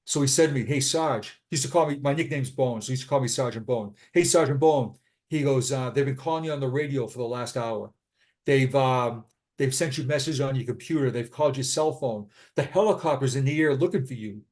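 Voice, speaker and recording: Over a remote call, a middle-aged retired police sergeant shares a personal story as a podcast guest. He speaks earnestly but haltingly in a mid-range, darkish voice, often repeating himself.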